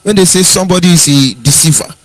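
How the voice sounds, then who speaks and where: A man's voice: sits high, fast talker, no room sound. A Nigerian man giving an impassioned political monologue, rhetorical and mocking in tone. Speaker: political commentator.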